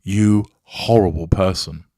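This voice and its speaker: A man's voice: sits low, steady tone, slow pace, warm tone, no room sound, clean studio sound, heavily acted. A man voicing an abusive, entitled man, quoting him in a sarcastic and belittling way. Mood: contemptuous.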